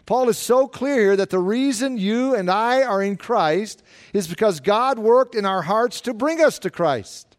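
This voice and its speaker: A man preaching a sermon in an earnest way, slowing down to stress the scripture he quotes. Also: sits high, lively intonation. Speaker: pastor.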